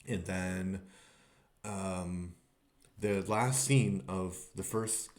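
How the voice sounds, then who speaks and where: A man's voice: sits low, extremely slow, a little mellow. A man talking casually in a podcast review, rambling with many fillers and restarts. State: tearful at times.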